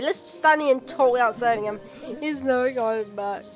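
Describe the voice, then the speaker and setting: A woman doing casual let's-play commentary, reading dialogue aloud and reacting with excitement and the odd swear. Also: high voice, brisk, muffled recording, soft background music. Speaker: gameplay commentator.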